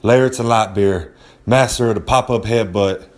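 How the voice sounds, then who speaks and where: A man's voice: fairly low pitch, normal speed, lightly acted. A man playing a cocky wrestler blowhard. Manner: cocky, rambling, talks down to listeners. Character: brash boastful male pro wrestler persona. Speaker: recurring segment host. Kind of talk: comedic rambling monologue.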